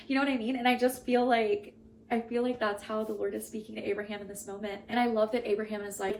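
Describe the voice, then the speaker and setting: A woman's voice: mid-range voice, flat delivery, quick pace, a little mellow, a little hiss or hum, low-quality recording. A young woman reading scripture aloud and reflecting on it in an earnest, emotional way, with chatty asides. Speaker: Bible reading host.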